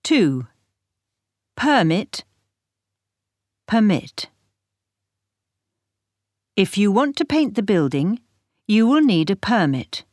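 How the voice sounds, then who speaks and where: A woman reading textbook example sentences for a pronunciation lesson, with slow, careful enunciation. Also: medium pitch, very animated, a little mellow, no room sound, studio quality. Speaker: textbook audio reader.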